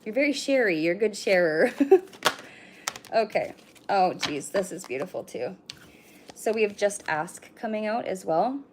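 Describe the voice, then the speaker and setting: A woman's voice: mid-range voice, animated, a little slow, long pauses, a little hiss or hum. A middle-aged woman giving a casual card reading on a livestream, chatty, swearing now and then, and talking straight to her viewers. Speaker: livestream oracle card reader.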